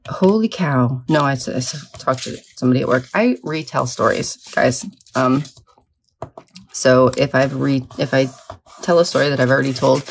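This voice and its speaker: A middle-aged woman vlogger with a deep voice crafts in a sleepy early-morning mood, rambling chattily and poking fun at herself. A little hiss or hum runs through the recording.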